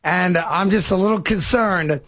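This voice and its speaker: A high-pitched man speaks in a clip of sports radio commentary, lecturing and driving his points home. The clip sounds a little muffled and lo-fi. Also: measured pace. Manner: lecturing, emphatic.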